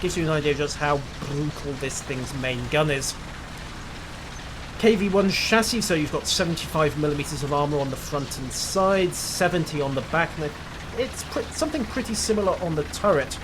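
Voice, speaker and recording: A man giving dry, wry commentary while playing a game, over loud game noise. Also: fairly high pitch, expressive, normal speed. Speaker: gameplay commentator.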